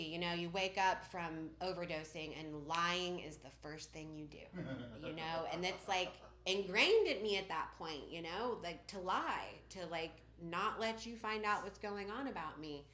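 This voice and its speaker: A woman's voice: fairly low pitch, fairly bright tone, slight background noise. A woman giving a candid personal recovery testimony in a casual, rambling way, full of "like" and "you know.". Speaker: speaker at a recovery meeting. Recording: roomy echoing room.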